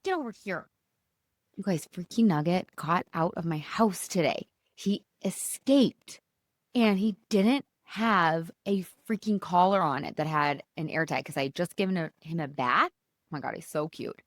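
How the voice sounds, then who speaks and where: In a studio-quality recording with no room sound, a woman with a slightly bright voice hosts an energetic, motivational podcast. She's bubbly and chatty, her pitch rising and falling, and she keeps addressing the audience as "you guys."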